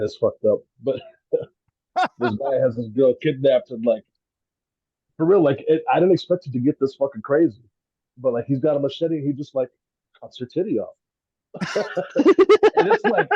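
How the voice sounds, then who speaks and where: A man's voice: mid-range voice, dark tone, breathy edge, no echo, highs cut off. A man telling a story in a rambling, laughing way on a casual podcast, swearing freely. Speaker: podcast guest, rapper. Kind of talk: casual chat.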